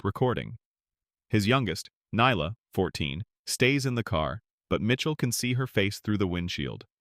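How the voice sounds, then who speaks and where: A man's voice: fairly low pitch, fairly bright tone, no echo, studio quality. A man giving scripted dramatic narration in a grave, emphatic manner.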